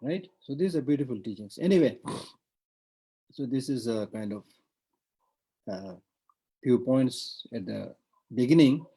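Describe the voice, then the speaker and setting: A man's voice: medium pitch, lively intonation, takes it slowly, long pauses, dark tone, breathy edge, rough recording. A man with a Tibetan accent giving an online Buddhist teaching, talking in a discursive way with repeated words and frequent "you know".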